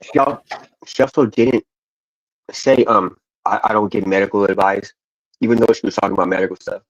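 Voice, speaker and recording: A man co-hosting a casual chat, talking bluntly and swearing. His voice is very low and husky. The recording sounds dull and muffled. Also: steady tone, fairly quick, no echo.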